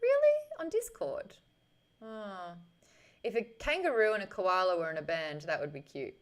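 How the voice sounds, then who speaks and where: A woman's voice: lowish voice, lively intonation, normal speed. A woman with an Australian accent, hosting a casual livestream, chatting cheekily and reading out viewer comments. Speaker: livestream host.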